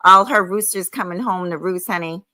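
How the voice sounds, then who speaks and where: A woman's voice: on the low side, moderate pace, sharp tone, dry recording. A middle-aged woman hosting a livestream, ranting angrily in a profane, confrontational, taunting way. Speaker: livestream host. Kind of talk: angry livestream rant.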